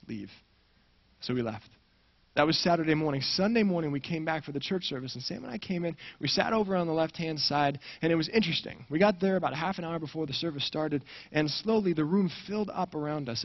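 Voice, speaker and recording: Man, preacher, animated storytelling sermon, husky, muffled lo-fi sound. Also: fairly high pitch. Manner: animated storyteller acting out quoted dialogue.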